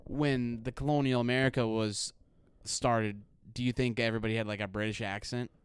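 A man's voice: mid-range voice, fairly even intonation, fairly quick, clear, resonant tone. A man with a Midwestern accent co-hosting a casual podcast, rambling and filling his talk with "like". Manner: rambling, heavy use of "like". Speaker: podcast co-host.

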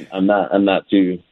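A young man, a college quarterback guest, answering interview questions politely with frequent laughs. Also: deep voice. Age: young adult. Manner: soft-spoken, laughing, polite. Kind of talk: phone interview. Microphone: phone. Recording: tinny phone line.

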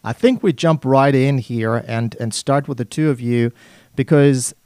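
A friendly male radio host with a German accent welcomes guests in a casual studio chat. His voice is mid-pitched and upbeat. The room sound is dry and close. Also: unhurried, warm tone, clean tone, no room sound. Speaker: radio talk show host.

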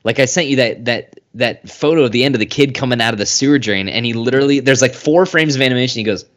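A man's voice: medium pitch, fast talker, a bit bright. A man co-hosting a podcast, chatting casually and animatedly, acting out quotes and swearing freely. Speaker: podcast co-host.

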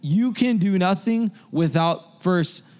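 A man's voice: high voice, takes it slowly. A young adult man preaching a sermon to a youth group, fervent and repetitive, restarting phrases for emphasis.

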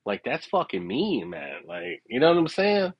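A slightly high male voice with wildly swooping pitch, a creaky, breathy edge, and normal speed comes through dull audio with no echo. He rambles through a profane personal story, laughing at himself and repeatedly checking in with "you know what I'm saying."

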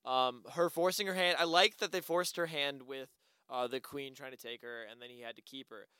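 A man's voice: medium pitch, fairly even intonation, moderate pace, pushed and bright, clean tone, no room sound. A man chatting casually about a movie, blunt and swearing when something annoys him. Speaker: movie reviewer. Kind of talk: casual chat.

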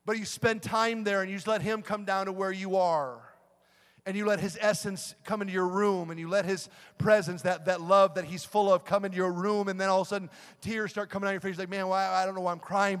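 Male preacher, high voice, shouted-to-soft sermon, long church reverb. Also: a little fast. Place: large church hall. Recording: live church sound with long reverb and music behind.

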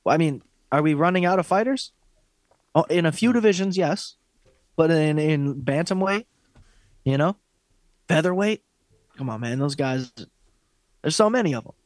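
A man's voice: on the high side, lively intonation, moderate pace, pauses often, no room sound. Blunt, foul-mouthed male fight podcaster. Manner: blunt, profane and opinionated. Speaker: podcast co-host. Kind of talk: casual sports chat.

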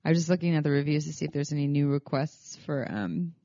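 A podcast co-host in casual chat, relaxed and rambling, with many fillers. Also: medium pitch, quick pace, dry recording, lo-fi sound.

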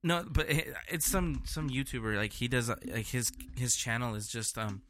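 A man in casual chat, telling stories in a profane, excitable way. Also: mid-range voice, moderate pace.

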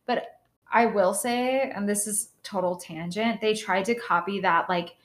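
Young woman co-host; chatty, animated, loose and profane. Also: medium pitch, measured pace. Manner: chatty, animated, swears, lots of "like". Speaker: podcast co-host. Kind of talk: casual chat.

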